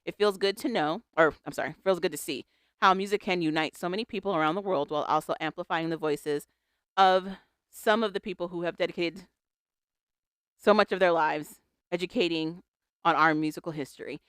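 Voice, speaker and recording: A podcast co-host chatting casually about celebrity news, stopping to read a statement aloud and dropping wry comments along the way. The voice sits at a middling pitch and is picked up on a close mic in a dead, dry room. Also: fairly quick, a bit bright, clean tone, no echo. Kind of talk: casual pop-culture chat.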